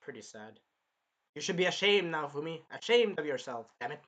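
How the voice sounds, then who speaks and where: A young man hosting his own channel, recapping an anime episode in casual chat, animated and swearing now and then. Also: fairly high pitch, fairly quick, lo-fi sound. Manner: animated, swears, bursts into loud acted-out quotes. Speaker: anime reviewer and channel host.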